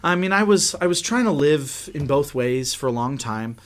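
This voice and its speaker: Animated man telling stories. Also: a little high, normal speed. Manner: animated storytelling, acts out quoted dialogue. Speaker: podcast guest. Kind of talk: casual podcast conversation.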